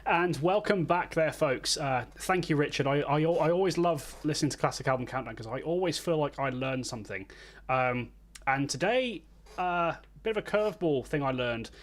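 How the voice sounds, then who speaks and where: A man's voice: on the high side, expressive, moderate pace. A man co-hosts an online music show and introduces the next act. He is casual and self-deprecating. He stumbles and restarts his words now and then. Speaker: co-host.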